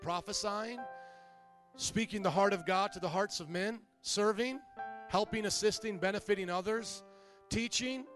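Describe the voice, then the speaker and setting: A middle-aged man preaching a sermon as pastor, telling humorous stories in an animated way. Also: high voice.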